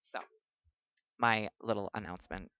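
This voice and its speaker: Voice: sits low, moderate pace, pushed and bright, clear, resonant tone, no echo, highs cut off. A podcast host in casual chat, telling stories in a blunt, jokey, profane way.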